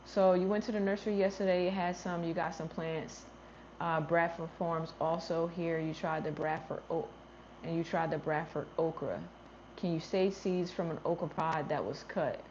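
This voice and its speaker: A woman's voice: sits low, fairly even intonation, moderate pace, a little mellow, slight background noise. Chatty woman hosting a garden livestream. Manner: chatty, thinks aloud, trails off and restarts. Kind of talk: casual livestream chat, answering viewer comments. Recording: slightly dull lo-fi livestream audio.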